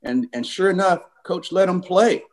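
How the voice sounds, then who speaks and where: Older man telling lively stories. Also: high-pitched, moderate pace, rough recording. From California. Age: 60s. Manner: animated, acts out the voices in his stories. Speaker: guest, former football player. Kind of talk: casual storytelling interview.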